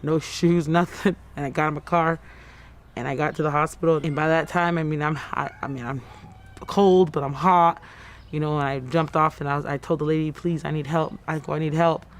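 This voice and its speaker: A woman in her thirties being interviewed for the news. She recounts her story in a halting, repetitive way, often acting out her own quoted words. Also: sits low, steady tone, slight background noise. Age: 30s. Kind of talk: personal account in a news interview.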